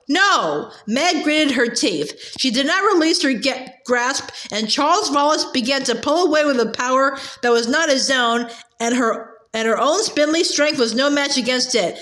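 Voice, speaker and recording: A woman's voice: high voice, moderate pace, a bit bright, roomy sound. A woman reading a novel aloud, stumbling and restarting now and then and raising her voice for the characters' lines. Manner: reads with small slips and restarts, lifting her voice for dialogue. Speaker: reader.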